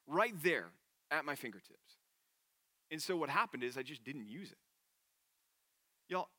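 A man's voice: sits high, sharp tone, no room sound, clean studio sound. A man preaching a sermon in an earnest, conversational way. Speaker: pastor.

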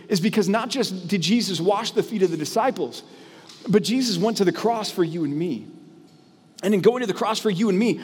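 A man's voice: fairly high pitch, breathy edge, big-room sound. A man pastor preaching an earnest, emphatic sermon in a church.

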